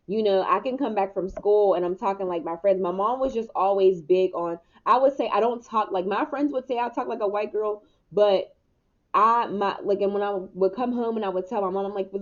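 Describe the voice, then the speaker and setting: A young adult woman with a medium-pitched, darkish voice gives a casual spiritual tarot reading. She's candid, laughs often, and swears now and then, picked up by a muffled mic with noticeable hiss.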